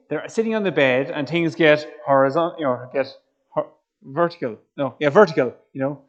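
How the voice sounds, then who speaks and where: A man's voice: a little high, a little fast, dull audio. Joking Irish man quizzing his audience. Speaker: youth speaker. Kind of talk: lively faith talk to a youth audience.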